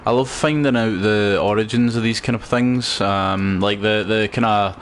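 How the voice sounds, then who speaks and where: A man's voice: fairly low pitch, fairly even intonation, normal speed, slight background noise. A Scottish man chatting loosely while streaming a video game, rambling with lots of fillers. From Scotland. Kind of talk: casual gameplay commentary.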